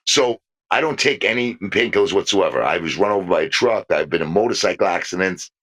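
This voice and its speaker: Older male podcast co-host, lively pitch, animated storyteller who acts out quoted voices. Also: fairly quick. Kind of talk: casual political chat.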